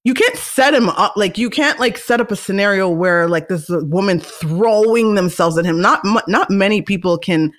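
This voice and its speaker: A young woman hosting a solo podcast, talking casually in a chatty, animated way. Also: medium pitch, normal speed, hardly any pauses. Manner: chatty, animated, restarts and laughs. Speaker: podcast host.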